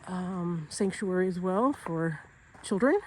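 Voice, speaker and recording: A woman's voice: on the low side, lively intonation, takes it slowly, low-quality recording. Bubbly woman vlogging on a walk outdoors. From Northern California. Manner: bubbly, laughs often, many fillers. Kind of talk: walking nature vlog. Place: outdoors, rural property. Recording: faint outdoor background noise.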